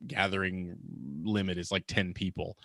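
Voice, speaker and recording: A man's voice: low-pitched, flat delivery, normal speed, fairly bright tone, no room sound, clean studio sound. A man co-hosting a casual podcast, telling a rambling anecdote with chuckles. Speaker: podcast co-host.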